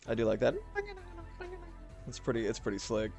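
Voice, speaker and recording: Gravelly-voiced man chatting on stream. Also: lowish voice, little pitch movement, moderate pace, darkish tone, soft background music. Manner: rambling, chatty, swears freely. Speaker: art streamer. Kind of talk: casual livestream chat while drawing.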